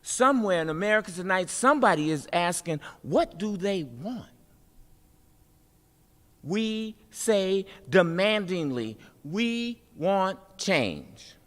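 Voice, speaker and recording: Slow, emphatic woman performing spoken word. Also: on the low side, expressive. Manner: rhythmic, emphatic, repeating refrains with dramatic pauses. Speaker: poet and city politician speaking at a festival. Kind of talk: spoken-word poetry performance, then informal remarks. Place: festival event hall. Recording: long reverb of a large hall.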